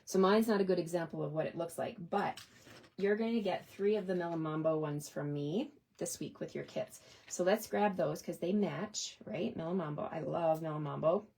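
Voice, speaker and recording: A woman's voice: on the low side, normal speed, creaky, warm tone, slightly rough. A woman hosting a hands-on craft tutorial, chatting cheerfully to her viewers as she works. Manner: chatty, upbeat, talks to viewers while working. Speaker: papercraft demonstrator.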